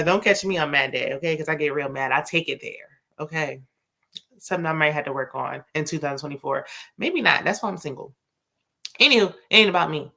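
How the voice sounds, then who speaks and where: This woman's voice is deep with a sharp tone. She hosts a casual TV recap, running through a drama with chatty sass, plenty of slang and frequent asides.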